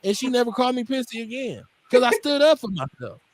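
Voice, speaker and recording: Animated blunt Milwaukee man, lively pitch. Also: quick pace. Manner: animated storyteller, acts out quotes; blunt, profane. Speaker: radio show host. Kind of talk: casual talk radio banter.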